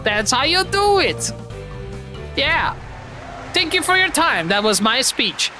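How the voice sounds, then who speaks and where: A high-pitched woman streamer talks in a slow, drawn-out way while she jokes loudly over a party game. Music plays clearly behind her voice. She laughs often and swears freely. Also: big pitch swings. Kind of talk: live game stream commentary.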